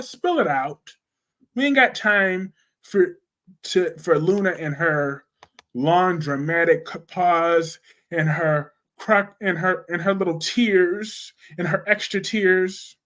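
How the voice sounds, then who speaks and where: A young man hosting a casual live chat about soap operas, blunt and animated, answering viewer comments with slang. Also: high voice.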